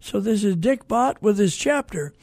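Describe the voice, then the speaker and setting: An older man hosting a Christian radio program, reading listener calls with slow, preacherly asides. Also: sits high, lively intonation, a little mellow, no room sound. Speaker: radio host and network founder. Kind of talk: folksy radio commentary.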